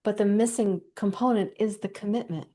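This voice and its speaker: A middle-aged woman talks on a podcast in a lively, conversational way. Her voice sits at a medium pitch. She grows eager as she talks and rushes through phrases when a point excites her. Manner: animated and enthusiastic, speeds up when excited. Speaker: guest.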